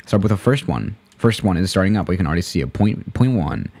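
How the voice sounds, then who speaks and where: A man's voice: low-pitched, animated, fast, vocal fry, darkish tone. A man chatting casually on a live stream while playing a flight simulator, rambling and correcting himself as he goes. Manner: rambling, self-correcting, laid-back.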